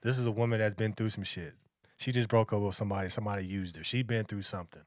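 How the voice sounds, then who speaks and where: A man from Long Beach, California, with a fairly low, steady voice and a quick pace, gives reaction commentary on a video. He's lecturing, preachy and repetitive, and the recording is dry and studio quality.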